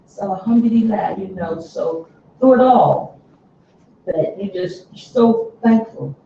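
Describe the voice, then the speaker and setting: A middle-aged woman sharing a personal story with her class, heartfelt and halting, often restarting her sentences. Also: medium pitch, lively intonation, mellow, muffled recording, a little hiss or hum. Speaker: class member. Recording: very echoey room, distant mic.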